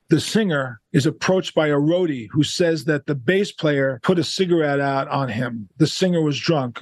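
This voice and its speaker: An older man from the United States tells a long personal story as a podcast guest, bringing the quoted lines to life in a lively way. His voice sits fairly high for a man, and the recording is dry and close, with little room sound. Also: dry recording. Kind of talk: casual storytelling interview.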